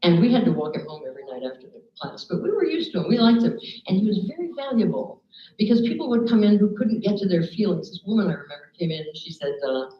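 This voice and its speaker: An older woman from Los Angeles tells a long personal story in a wry, chatty manner, dropping ums as she goes. Her voice sits at an ordinary pitch, while the recording sounds a little muffled and echoes as if in a large room. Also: big pitch swings, fast talker. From Los Angeles, USA. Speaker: speaker telling a story to a group. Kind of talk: storytelling talk. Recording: roomy and dull-sounding.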